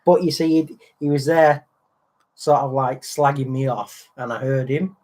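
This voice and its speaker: A man, co-hosting a relaxed livestream chat and telling anecdotes, acting out other people's lines. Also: mid-range voice, normal speed. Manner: chatty storyteller, acts out other people's lines. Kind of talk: casual chat.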